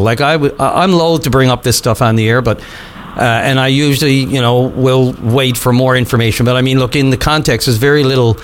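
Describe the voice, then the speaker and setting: Measured male radio talk host. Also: mid-range voice, slight background noise. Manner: measured, careful, with fillers. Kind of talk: radio call-in hosting. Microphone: studio microphone.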